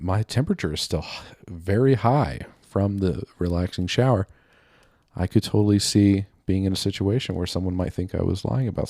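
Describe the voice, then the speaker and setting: A deep-voiced man hosts his own podcast with no plan, wandering from one thought to the next and poking fun at himself. He sounds a little out of breath. His voice is close and dry, with almost no room sound. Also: gravelly, a little mellow, no echo. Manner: rambling, self-mocking, laughs at own jokes. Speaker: podcast host. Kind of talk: unscripted solo chat.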